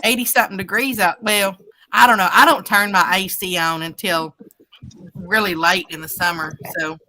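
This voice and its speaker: A woman's voice: mid-range voice, fairly even intonation, normal speed, pushed and bright. A woman co-hosting a live stream, chatting casually and greeting viewers by name as she reads their comments. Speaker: live stream co-host reading chat. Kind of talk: casual chat.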